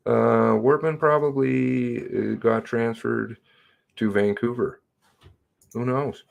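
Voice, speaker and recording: A man's voice: medium pitch, steady tone, slow, gravelly. A man hosting a casual livestream, greeting viewers by name and reading chat with a sardonic drawl.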